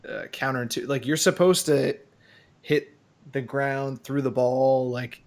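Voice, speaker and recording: A man's voice: mid-range voice, fairly even intonation, a little slow. A man co-hosting a podcast in casual chat, rambling with lots of fillers. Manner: rambling, many fillers and restarts. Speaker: podcast co-host.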